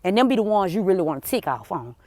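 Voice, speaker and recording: A woman telling a personal story to her viewers, blunt and cursing, swinging between heated outbursts and hushed apologies. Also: mid-range voice, very animated, fast talker, no room sound. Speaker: vlogger. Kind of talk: emotional personal storytelling to camera.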